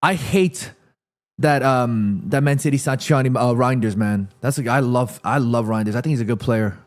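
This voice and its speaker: A man hosting a live football watchalong, reacting excitedly to the play and reading viewer comments aloud. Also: mid-range voice, moderate pace. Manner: chatty, addresses viewers and reads their comments. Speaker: watchalong host.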